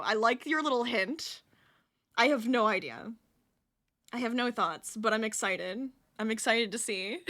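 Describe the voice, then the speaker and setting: A woman chats with her live-stream viewers as she crochets, giggling often and muttering stitch counts to herself. Her voice sits fairly high, swoops up and down, and has a bright, clear edge. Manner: chatty, giggly, talks to chat and counts stitches under her breath. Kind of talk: casual live-stream chat while crocheting.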